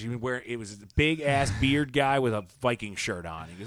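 A man co-hosting a casual sports podcast, talking in opinionated, rambling takes with quick asides. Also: fairly low pitch, fairly bright tone, no room sound. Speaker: podcast co-host.

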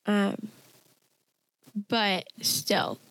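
A woman's voice: mid-range voice, drawn-out words, a bit bright. A young woman chatting casually and telling a long personal story, with plenty of fillers and restarts. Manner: rambling storytelling with many fillers. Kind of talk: casual chat.

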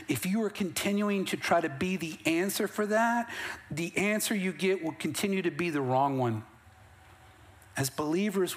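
A middle-aged man preaching a sermon as pastor, moving between plain, conversational storytelling and rising bursts of emphasis. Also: fairly high pitch. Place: church sanctuary.

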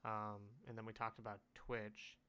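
Casual podcast co-host, male, smooth resonant voice, giggly rambler. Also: lowish voice, completely flat delivery, moderate pace, bright, forceful tone. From California. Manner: giggly, rambling storyteller, laughs often.

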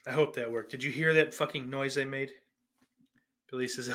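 A man's voice: mid-range voice, steady tone, normal speed, pauses often, a bit bright. A man hosting a podcast, reading out listener questions in a rambling, profane and sardonic way. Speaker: podcast host.

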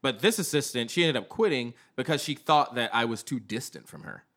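Man, podcast host, casual chat, bright tone, jokey, many fillers. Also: mid-range voice, brisk. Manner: animated, jokey, with frequent fillers and restarts.

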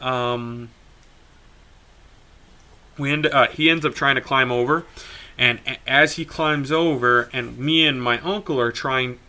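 Telling a story on a podcast he co-hosts, a young man keeps it casual and lively, dropping swear words and chuckling as he goes. His pitch is medium.

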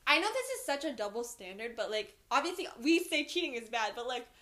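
A woman's voice: a little high, sing-song, a little fast, sharp tone, a little hiss or hum. A young woman in casual chat, frank and laughing, slipping into quoted voices of friends.

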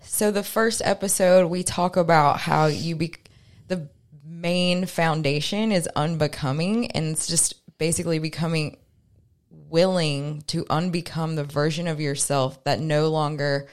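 A woman's voice: sits low, fairly even intonation, measured pace. A woman co-hosting a podcast, talking in an upbeat, chatty way and laughing often. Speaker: podcast co-host. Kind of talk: casual podcast chat.

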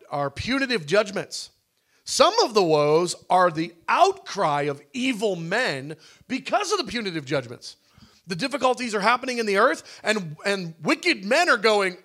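A man leads a Bible study in a relaxed, conversational way, with fillers and restarts. His voice sits high. Now and then he acts out cries with sudden loud shouts. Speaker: Bible teacher. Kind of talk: teaching a Bible study session.

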